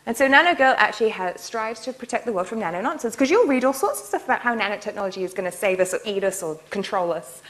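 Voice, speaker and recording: A woman's voice: medium pitch, expressive, fast, few pauses, fairly bright tone. A woman nanotechnologist giving a public lecture in a university hall, telling stories in a playful, enthusiastic way. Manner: playful, enthusiastic storytelling with laughs.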